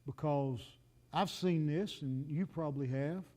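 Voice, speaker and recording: A man's voice: fairly high pitch, unhurried, mellow. A man, preaching a folksy, joking sermon and talking straight to the congregation. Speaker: pastor.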